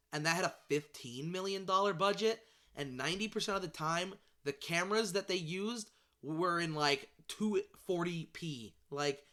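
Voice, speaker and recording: A man vlogging about movies in casual chat, excitable and rambling, swearing and tripping over his words. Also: high-pitched.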